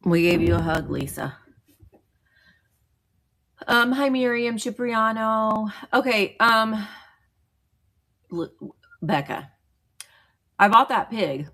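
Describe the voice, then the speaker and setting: A woman's voice: on the high side, lively intonation, slow pace, pauses often, bright, forceful tone. Chatty woman, livestream host, loose rambling talk with viewers. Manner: chatty, greets viewers by name, rambling with restarts. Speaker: vintage seller livestream host. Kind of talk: casual livestream chat.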